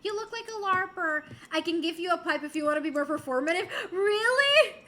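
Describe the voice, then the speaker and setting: Bubbly puerto rican streamer girl, bright voice, tosses in spanish and french bits, laughs a lot. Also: very high-pitched, animated, a little fast. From Puerto Rico. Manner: playful, giggly, switches into Spanish and French phrases. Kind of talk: casual chat reading viewer messages.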